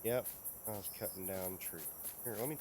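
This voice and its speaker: A man's voice: low-pitched, moderate pace. A man streaming a farming game, rambling and chatty as he narrates what he does and talks to himself. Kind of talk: casual gameplay commentary. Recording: loud background noise.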